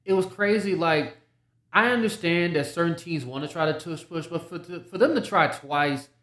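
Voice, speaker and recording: A man's voice: fairly high pitch, moderate pace, a bit bright, reverberant. A man hosting a solo sports podcast, talking casually, often repeating himself and restarting his sentences. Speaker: podcast host.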